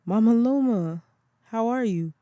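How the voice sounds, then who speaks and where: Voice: mid-range voice, unhurried, mellow, clear, resonant tone, no room sound, studio quality, pitched above the performer's own voice, natural voice. A reader voicing an earnest young woman in an audiobook who asks questions with eager feeling. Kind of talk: audiobook character voice.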